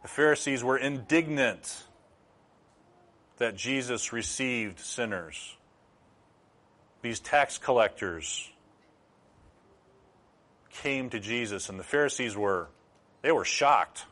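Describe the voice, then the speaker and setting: A man's voice: mid-range voice, expressive, slow, long pauses, fairly bright tone. A middle-aged man preaching a sermon as pastor, teaching through rhetorical questions.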